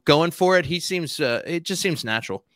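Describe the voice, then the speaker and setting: A man from Texas, chatting casually and working his thoughts out as he goes. His voice sits a little high, bright and very lively in pitch. The sound is dry and close. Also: a little fast, no echo. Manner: musing, searching for words. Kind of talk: casual chat.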